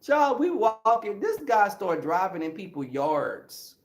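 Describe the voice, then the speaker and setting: Gravelly, animated man telling stories. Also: high voice, unhurried. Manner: animated, laughing often, acting out voices. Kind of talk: comic storytelling. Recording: roomy echo.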